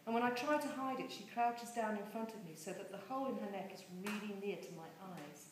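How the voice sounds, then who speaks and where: A woman reading a novel aloud with expressive, lively storytelling. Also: mid-range voice, brisk, noisy background. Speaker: reader. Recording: very echoey room.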